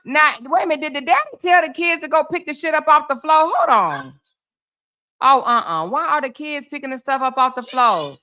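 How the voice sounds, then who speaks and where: Bright-voiced woman hosting animated commentary. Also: high-pitched, fairly quick. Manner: animated, exclaiming, talks to viewers as "y'all" and "honey". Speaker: host. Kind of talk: casual reaction commentary.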